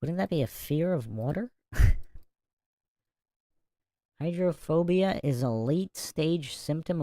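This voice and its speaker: Low, dark-voiced woman podcast host. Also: no echo. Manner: reads passages and breaks off to react with incredulous asides. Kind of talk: casual commentary and reading aloud.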